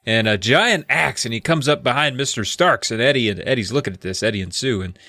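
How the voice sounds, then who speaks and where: A man co-hosting a comedy podcast, playful and quick to laugh while recapping a book. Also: medium pitch, bright, forceful tone, no room sound. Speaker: podcast co-host.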